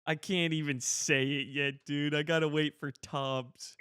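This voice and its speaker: A man's voice: fairly high pitch, little pitch movement, bright, forceful tone, smooth, no echo, studio quality. A young man co-hosting a comedy podcast, teasing his co-host in casual chat. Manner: teasing, quick to laugh.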